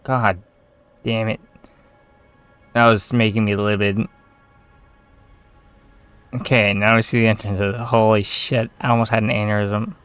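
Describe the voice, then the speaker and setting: A man's voice: lowish voice, little pitch movement, moderate pace, long pauses, a bit bright, clear, resonant tone, no echo, soft background music. A young man giving casual, swearing commentary as he plays a game, muttering to himself and getting easily aggravated. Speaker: gamer streamer.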